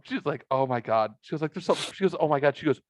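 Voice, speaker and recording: A middle-aged man hosting a casual podcast, telling rambling stories with lots of swearing and animated quoted voices, on a headset mic. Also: racing, no room sound. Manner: rambling storyteller, swears a lot, bursts into high excited quotes. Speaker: podcast host.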